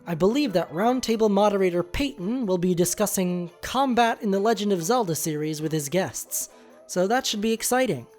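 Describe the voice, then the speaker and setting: A woman's voice: mid-range voice, expressive, moderate pace, darkish tone. Woman host reading the outro, upbeat, faint music behind. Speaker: podcast host. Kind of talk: scripted podcast outro.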